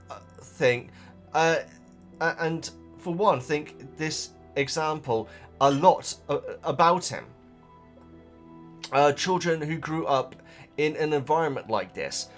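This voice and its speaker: A man who hosts, chatting casually as he reads out viewer comments, rambling, stopping himself and laughing often. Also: a little high. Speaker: host reading viewer comments. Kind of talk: casual chat to camera.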